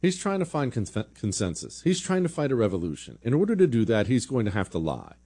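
A man's voice: medium pitch, huge pitch swings, fairly quick, warm tone, slightly rough. A man hosting a political talk show, giving blunt, sarcastic opinion commentary in a conversational way.

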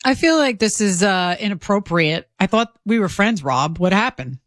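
A woman's voice: mid-range voice, expressive, normal speed, a bit bright, no room sound, clean studio sound. A woman co-hosting a talk radio show, playfully teasing the host.

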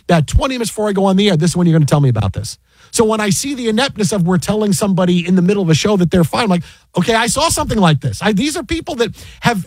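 A man telling a work story in casual chat, animated and exasperated, with many restarts. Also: high voice, breathy edge, no room sound.

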